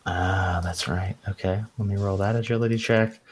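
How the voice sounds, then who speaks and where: A man's voice: deep voice, fairly even intonation, moderate pace, slight background noise. A man running a tabletop game as game master, casual, laughing and swearing freely as he narrates.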